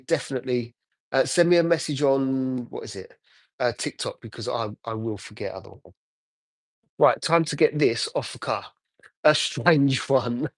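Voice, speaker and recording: A man with a slightly high voice chats easily while he works on a car, answering viewer comments as he goes. The sound is dry and close, picked up on a phone outdoors. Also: darkish tone, dry recording. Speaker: car detailer livestreaming. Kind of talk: casual live chat while working.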